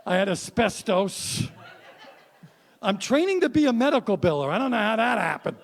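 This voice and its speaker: A man's voice: high-pitched, very animated, moderate pace, vocal fry. A man in his sixties doing a stand-up comedy set on stage, punchy and wry, talking straight to the crowd. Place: stage before a live audience.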